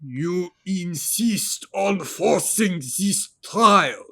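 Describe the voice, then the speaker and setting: A man doing a haughty elder official who talks in a raised, lofty voice and stretches every word out slowly. He sounds self-important and commanding, loud and deliberate. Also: on the high side, expressive, gravelly, pitched above the performer's own voice, heavily acted. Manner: lofty, drawn-out speech. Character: lofty male kandra elder, bureaucrat, thick accent.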